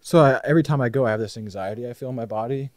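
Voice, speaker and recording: A young man co-hosting a podcast, telling a story in a casual, animated way and swearing freely. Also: medium pitch, racing, dry recording, clean studio sound. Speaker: podcast co-host. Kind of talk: casual chat.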